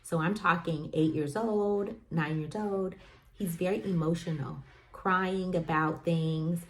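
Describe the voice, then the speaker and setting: Casting note: young adult woman host, lower voice, chatty storyteller who says "like" and "you know" a lot. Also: fairly even intonation, slow. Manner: chatty, storytelling with lots of fillers and acted quotes. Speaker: podcast host. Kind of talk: casual talk to parents.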